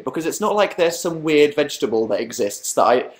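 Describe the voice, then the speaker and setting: A man's voice: on the high side, animated, a little fast, hardly any pauses. Rambling young man livestreaming. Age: young adult. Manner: rambling, self-mocking, reads chat aloud. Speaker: livestream host. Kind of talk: casual livestream chat.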